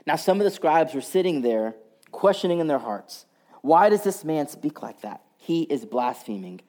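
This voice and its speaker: A man preaching a sermon, telling a story and moving between loud passages and hushed, whispered lines. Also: fairly high pitch. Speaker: pastor.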